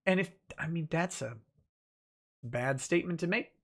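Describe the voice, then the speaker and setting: A man's voice: on the high side, normal speed, fairly bright tone. A man hosting a livestream, reading viewer comments aloud and answering them casually with restarts and chuckles. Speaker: livestream host reading chat.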